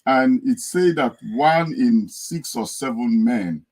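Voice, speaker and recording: A man's voice: mid-range voice, expressive, takes it slowly, a little mellow, rough recording. Earnest man giving advice. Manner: earnest, storytelling, acts out a wailing wife. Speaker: guest speaker. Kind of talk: podcast discussion. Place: United Kingdom.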